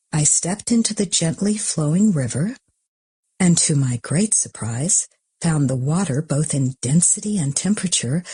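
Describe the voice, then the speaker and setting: A woman reads an audiobook in a husky, breathy voice, dropping often into a half-whisper. Her tone is mellow and low-pitched, and the sound is dry and close. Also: no echo. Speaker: audiobook narrator. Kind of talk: audiobook reading.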